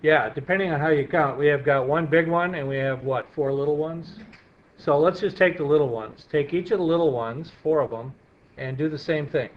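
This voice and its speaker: A man's voice: on the high side, moderate pace, reverberant. A male math teacher giving a classroom lecture, explaining steps as he draws and asking students questions. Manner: walks students through steps, asks them questions. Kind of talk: classroom lecture while drawing on the board. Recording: dull lo-fi classroom recording with faint hiss.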